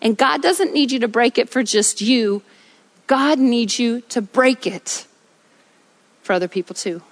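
A woman preacher delivering an energetic sermon on a church stage, telling stories with rhythmic repetition. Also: a little high, unhurried. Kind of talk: sermon with storytelling.

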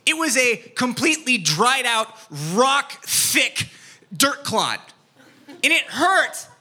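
A man preaching a sermon, telling a childhood story with lively acted-out scenes and dropping to a soft, quiet tone for his main points. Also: very high-pitched, slow pace. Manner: animated storytelling, acts out scenes, drops soft for key points. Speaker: pastor.

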